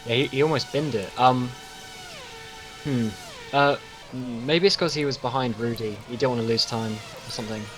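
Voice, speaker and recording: A man's voice: mid-range voice, fairly even intonation, normal speed, soft background music. A man co-commentating a live race, speaking hesitantly with many fillers. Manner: hesitant, many ums and uhs. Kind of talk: live sim racing commentary.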